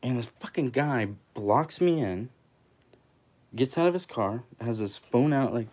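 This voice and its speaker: A man's voice: lowish voice, expressive, unhurried, a little mellow. A man hosting a livestream, telling a story in casual, blunt talk full of swearing and quoted dialogue. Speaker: livestream host.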